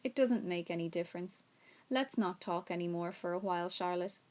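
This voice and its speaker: A woman reading a storybook aloud, voicing a timid, eager young male pig in a gentle, pleading way. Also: fairly low pitch, normal speed, natural voice. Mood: wistful.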